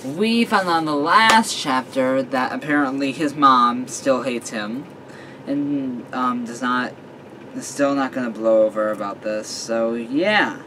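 A man casually reading his own fan story aloud, halting with fillers and self-corrections. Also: mid-range voice, pushed and bright, slight background noise, poor audio. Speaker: story reader.

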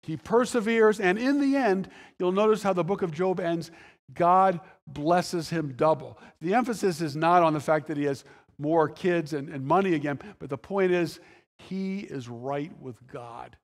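In a church sanctuary with a long reverb tail, a man speaks at a fairly high pitch and an unhurried pace. He's a pastor giving a chatty sermon, restarting often and performing the lines of the people he quotes.

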